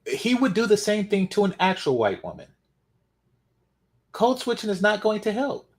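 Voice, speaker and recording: A man's voice: sits high, wildly swooping pitch, normal speed. A man hosting a reaction commentary, sarcastic and mocking. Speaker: commentary channel host.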